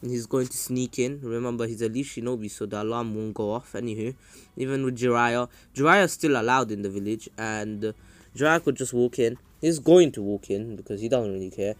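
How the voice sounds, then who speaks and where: A man's voice: mid-range voice, brisk, no room sound. A man casually improvising a fan story, rambling with many fillers and asides. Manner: rambling, full of "uh" and "anywho".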